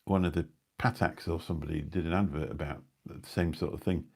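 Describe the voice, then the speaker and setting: Low gravelly middle-aged man rambling. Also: fairly even intonation, fairly quick. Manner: rambling anecdotal storytelling with dry asides. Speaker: live-stream host. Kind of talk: casual rambling chat. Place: indoors at home. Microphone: new phone or mic on a live stream.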